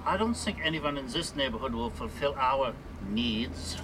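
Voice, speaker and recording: An actor playing a stereotypical German sidekick with a put-on German accent, talking in a stiff, formal way, in a comedy film clip. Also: male voice, medium pitch, lively intonation, moderate pace, background noise, lightly acted. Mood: weary. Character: stereotypical German man, a fussy, impatient kidnapper's sidekick. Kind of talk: 1990s comedy film acting. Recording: film clip with loud music behind.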